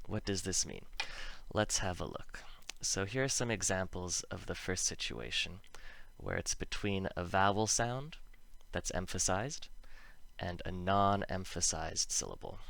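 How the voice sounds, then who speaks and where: Patient male pronunciation teacher, low and slow, stresses each example word, dry close sound. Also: animated, vocal fry, fairly bright tone, dry recording. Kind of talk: explanatory lesson with slow example words.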